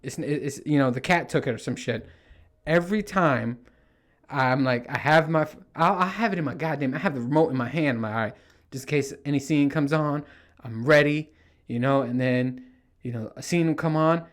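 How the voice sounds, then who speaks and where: A middle-aged man hosting his own show, telling stories casually and acting out his panic in a raised voice, with plenty of swearing. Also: moderate pace. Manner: animated, swears freely, acts out panicked quotes in a higher voice. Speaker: podcast host. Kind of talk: casual storytelling monologue.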